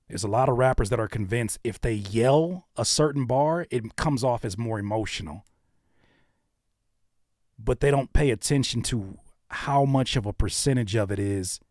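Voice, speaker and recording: A man's voice: lowish voice, a little mellow, dry recording, studio quality. A man hosting a livestream, giving blunt, coaching critiques of submitted songs. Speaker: music reviewer and livestream host.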